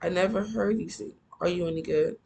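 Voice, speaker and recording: Done by a reader in a gravelly voice, a stern middle-aged stepfather lectures a teenager about wasted lives in this read-aloud. He is preachy and stiff. A faint hiss sits under the earphone-mic recording. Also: mid-range voice, brisk, darkish tone, natural voice, low-quality recording. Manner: lecturing, then stiffly apologetic.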